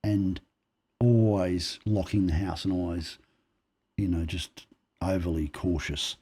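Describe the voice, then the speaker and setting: A man from Australia appears as a podcast guest, spinning personal stories in conversation and animatedly performing the lines people said. He talks at a slow pace in a low-pitched, husky voice.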